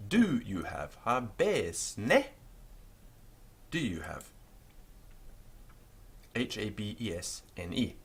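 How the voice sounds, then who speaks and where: A man's voice: slow pace, creaky, long pauses, breathy edge. A man teaching a beginners' language lesson, patiently spelling out words letter by letter. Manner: lively pitch, stresses example words.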